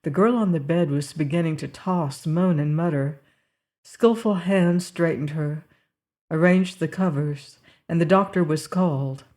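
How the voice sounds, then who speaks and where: A woman narrating a novel aloud in a calm, measured storytelling manner. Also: deep voice. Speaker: audiobook narrator. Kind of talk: scripted narration.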